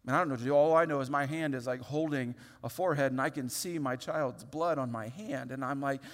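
Preaching from the pulpit, a pastor in his thirties tells a story in a lively, open way, often breaking off and restarting sentences. He talks quickly in a mid-pitched voice, and a large hall adds long reverb.

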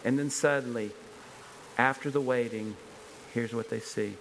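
A man's voice: medium pitch, steady tone, unhurried, gravelly, a bit bright, slight background noise, low-quality recording. Earnest man preaching a sermon. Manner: earnest, emphatic, repeats rhetorical questions. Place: church service before a congregation.

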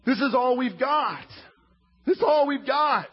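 A man's voice: very high-pitched, expressive, measured pace, husky, long reverb tail, lo-fi sound, pitched above the performer's own voice, heavily acted. A man voicing a group of male disciples thrown into frantic, flustered panic.

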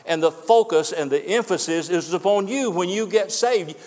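A man's voice: high voice, normal speed, a little mellow. Earnest preaching man in a reverberant church. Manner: earnest, emphatic preaching with repetitions. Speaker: pastor. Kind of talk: farewell sermon. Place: church sanctuary. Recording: long hall reverb.

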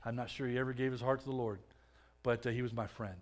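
A man giving a personal testimony in a conversational way, often restarting his words and growing louder as the story builds. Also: medium pitch, quick pace. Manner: conversational, repeats and restarts words, swells louder when excited.

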